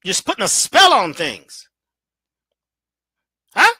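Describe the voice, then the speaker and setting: A man holding forth in an animated motivational talk, emphatic and preachy, swinging his pitch all over. His tone is bright and forward, and the recording is close and dry with no room sound. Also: slow, breathy edge, dry recording. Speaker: guest speaker.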